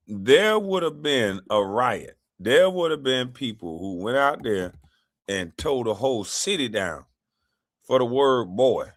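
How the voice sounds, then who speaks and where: A man's voice: medium pitch, a bit bright, no echo, clean studio sound. A man hosting a live stream, giving loose, laughing, ranting commentary.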